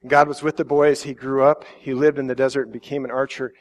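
A middle-aged pastor with a mid-range, level-toned voice speaks fast as he preaches a sermon. He reads scripture, then works through it loosely and conversationally, restarting sentences and voicing quotes.

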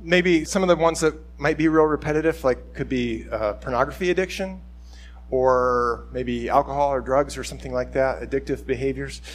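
A man's voice: mid-range voice, normal speed. A middle-aged man, a pastor, giving an informal, conversational sermon and acting out quoted speech along the way.

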